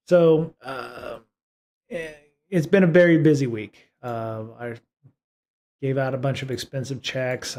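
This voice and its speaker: A man hosting a live stream, chatting casually and rambling, with many fillers and restarts. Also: a little mellow. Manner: high-pitched baby talk to his cat. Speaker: streamer and host.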